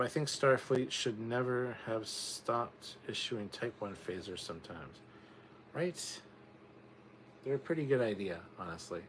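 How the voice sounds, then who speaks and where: A man's voice: mid-range voice, a little hiss or hum. A man hosting a casual livestream, reading viewer comments aloud and rambling on in chatty asides, swearing now and then. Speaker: livestream host reading chat.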